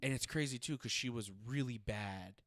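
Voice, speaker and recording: A man's voice: mid-range voice, moderate pace, fairly bright tone, no echo, studio quality. A young man hosting a podcast, chatting casually, swearing freely and laughing often. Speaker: podcast host. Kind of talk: casual chat.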